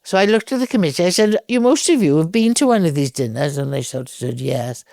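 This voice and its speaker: Older Welsh woman telling lively stories. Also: deep voice, fast, gravelly, no room sound, clean studio sound. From Wales. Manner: lively anecdotal storyteller, acts out dialogue. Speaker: guest. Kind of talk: storytelling in a podcast interview.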